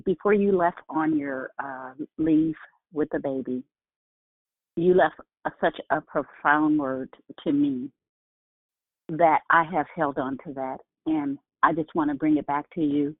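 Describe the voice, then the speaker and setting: A woman's voice: low-pitched, dry recording. Woman caller, mid-range voice, fervent and stammering; thin phone-line audio. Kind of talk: casual church call-in.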